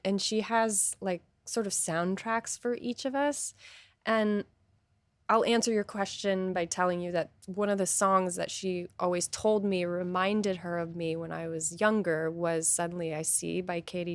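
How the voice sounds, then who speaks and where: Slow, thoughtful woman guest, dry sound. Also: medium pitch, dry recording. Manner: thoughtful and hesitant, with many pauses and fillers. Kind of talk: candid interview talk.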